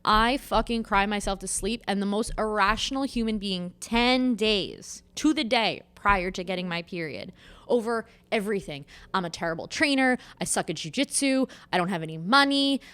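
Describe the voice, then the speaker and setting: A woman's voice: medium pitch, lively intonation, normal speed, fairly bright tone, clear, resonant tone. A young adult woman co-hosting a casual podcast chat, blunt and swearing freely. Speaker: podcast co-host.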